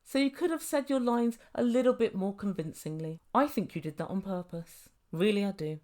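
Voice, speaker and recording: A woman's voice: mid-range voice, moderate pace, darkish tone. A woman giving a snarky, gossipy comedic TV recap, with chatty asides to viewers. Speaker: TV recap reviewer.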